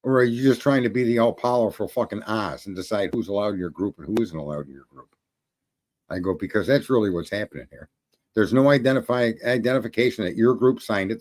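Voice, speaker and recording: A middle-aged man holds forth in a rambling, profane story, swaggering and amused with himself. His voice sits at an ordinary pitch, and he jumps between quiet asides and louder punchlines. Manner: crude, swaggering, laughs at his own story. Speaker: show host telling a story.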